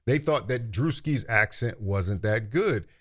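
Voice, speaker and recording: A man's voice: fairly low pitch, lively intonation, a little slow, a bit bright. A man hosting commentary, making a pointed, rhetorical argument. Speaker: commentary host.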